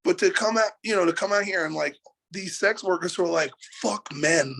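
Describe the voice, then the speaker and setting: A man from New York City, a musician guest in a casual interview, ranting in an animated, profane way and laughing between points. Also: high voice, fast talker, gravelly.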